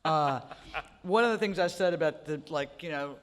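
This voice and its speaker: A woman's voice: low-pitched, normal speed. Woman, rambling self-deprecating storyteller, author on stage, live hall reverb. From Mississippi Delta. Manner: rambling, self-mocking humor. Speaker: author on a festival panel. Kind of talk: casual onstage storytelling. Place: large hall at a book festival.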